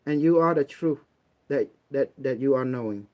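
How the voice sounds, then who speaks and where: A man's voice: medium pitch, normal speed, darkish tone. A man from Cambodia giving blunt, streetwise, preachy advice in a casual motivational talk. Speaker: online talk host.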